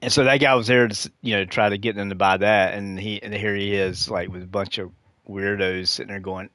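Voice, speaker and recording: A man's voice: lowish voice, steady tone, normal speed, a bit bright, no room sound. A man streaming a game, chatting casually and rambling off on tangents, laughing at his own stories. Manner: rambling, easily sidetracked storytelling. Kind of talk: casual live-stream chat.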